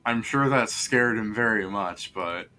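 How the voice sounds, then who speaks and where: Bright-voiced man running the game. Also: fairly low pitch, a little slow. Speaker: game master.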